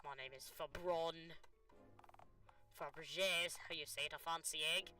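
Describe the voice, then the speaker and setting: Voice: mid-range voice, fairly even intonation, normal speed, bright, forceful tone, recorded from a distance, faint music behind, voice pushed down, lightly acted. A streamer doing a fed-up IT technician. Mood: indignant. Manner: fed-up, complaining. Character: exasperated overworked IT technician. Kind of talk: reading a game's dialogue aloud.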